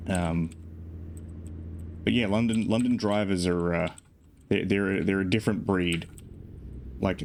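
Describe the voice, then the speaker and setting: A man's voice: low voice, slight background noise. A sleep-deprived man streaming a driving game, rambling casually with self-deprecating jokes. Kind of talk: casual gameplay commentary.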